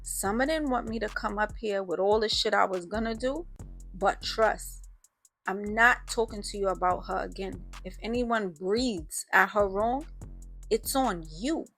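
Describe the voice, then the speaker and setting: A woman's voice: mid-range voice, a little slow, a bit bright, soft background music. A woman voicing a menacing teenage boy gang leader who threatens in profane street slang. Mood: threatening.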